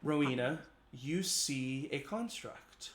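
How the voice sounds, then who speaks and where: Sex: man. Role: game master. Style: slow, roomy tabletop narration. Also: fairly high pitch, animated, a bit bright. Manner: hesitant, with many "um"s and "uh"s.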